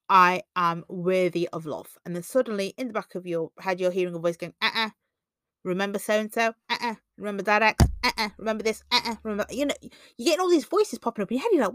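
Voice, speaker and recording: A woman's voice: a bit bright, no echo, clean studio sound. Chatty woman on self-help. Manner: conversational, acts out quoted voices with big pitch jumps. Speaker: podcast host. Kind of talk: self-help podcast monologue.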